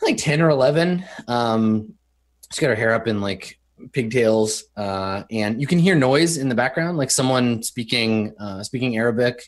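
A man's voice: medium pitch, moderate pace. A man narrating as game master in a tabletop game, loose and full of fillers.

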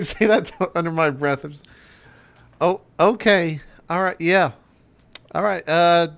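Smooth-voiced male tabletop player. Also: a little high, fairly bright tone. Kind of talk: casual tabletop play.

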